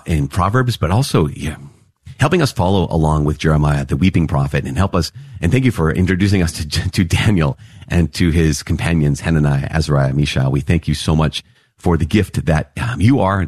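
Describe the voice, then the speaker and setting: A priest opening with prayer, then teaching Bible passages in an earnest, excitable way. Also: male voice, low voice, husky, no room sound, clean studio sound. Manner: earnest, excitable, quick asides with laughs.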